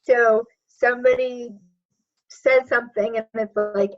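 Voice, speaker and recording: A woman's voice: on the high side, dull audio, soft background music. A woman coach as a podcast guest, reflective and chatty, with many fillers. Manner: reflective, speaks in quick bursts with many fillers like "like". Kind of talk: conversational interview.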